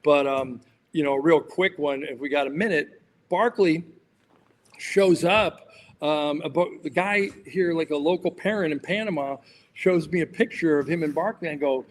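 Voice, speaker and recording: A man's voice: a little high, expressive, moderate pace, big-room sound, slight background noise. A man, a sports journalist and podcast guest, telling rambling anecdotes in casual chat, full of fillers and restarts.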